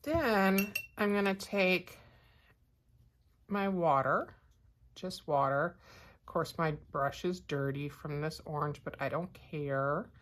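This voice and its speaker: A woman teaching a watercolor painting lesson, explaining each step calmly with frequent fillers. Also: low-pitched, slow. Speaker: art teacher.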